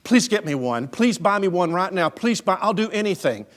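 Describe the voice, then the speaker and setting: A man's voice: high voice, lively intonation, normal speed, voice pushed up. A man voicing a small boy who pleads and wails for a toy, in a pleading, insistent voice. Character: small boy begging, then wailing for a toy.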